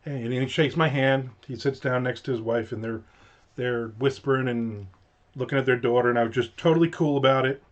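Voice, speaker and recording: A man's voice: mid-range voice, steady tone, fairly quick, dull audio. Rambling, profane male storyteller. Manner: rambling, profane, digressive anecdotes. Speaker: show host. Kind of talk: casual storytelling.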